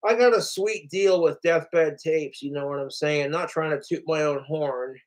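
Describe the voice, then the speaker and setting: A man's voice: a little high, measured pace. A man hosting his livestream, ranting casually and profanely, acting out the lines of others. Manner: profane, boastful, acts out quoted lines. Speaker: livestream host.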